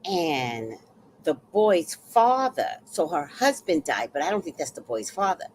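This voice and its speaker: Brief: woman livestreamer, slow, unhurried talk with big swings in pitch, emotional storyteller. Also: very animated, a little hiss or hum. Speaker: livestream host. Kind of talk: casual livestream talk, reading chat.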